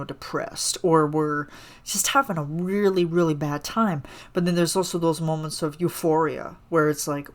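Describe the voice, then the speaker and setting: A woman hosting a solo podcast, gushing about a song in a rambling, casual way full of fillers. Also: low voice. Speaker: podcast host reacting to a song.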